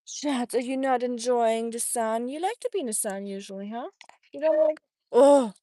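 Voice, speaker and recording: A German woman with a German accent livestreams a sunny walk by the water, chatting casually, laughing often and cooing at her dog. Her voice is fairly high, mellow and at normal speed, recorded with studio quality and no room sound.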